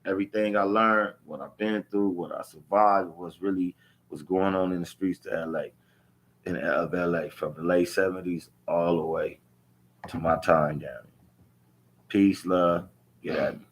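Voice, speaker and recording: In a deep, steady voice at a moderate pace, a Los Angeles man tells the camera about his life off the cuff. The telling is emphatic and profane, and he leans on repeating key phrases.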